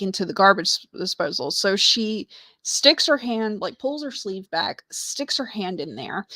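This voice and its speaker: A woman's voice: mid-range voice, a bit bright, no echo. Female livestream host at home, casual and rambling, full of restarts; dry, close sound. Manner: rambling, many fillers and restarts, self-deprecating. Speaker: host of a live writing show. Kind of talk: casual chat, retelling a story.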